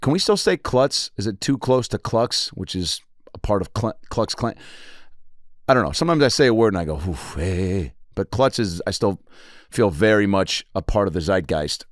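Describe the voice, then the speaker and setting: A man in his forties hosts a solo comedy podcast, rambling from one bit to the next with a lot of swearing. His voice sits fairly low but swings widely in pitch as he acts out other people. The sound is dry and close to the mic. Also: lively intonation, normal speed, no echo. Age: 40s. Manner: rambling, profane, jumps into acted-out voices.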